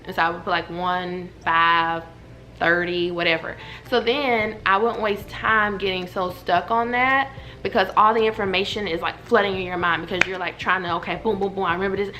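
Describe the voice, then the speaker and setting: A woman, telling a story to her viewers at home in a lively, chatty way. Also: on the low side, moderate pace, a little hiss or hum. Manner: animated, chatty, talks straight to viewers. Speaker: vlogger. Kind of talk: casual storytelling to camera. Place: at home indoors.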